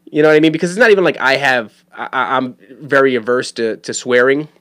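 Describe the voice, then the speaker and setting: A man's voice: medium pitch, quick pace, fairly bright tone. A man, a father, talking in a casual monologue, rambling and swearing freely, with many restarts and stammered words. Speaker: father talking about his son.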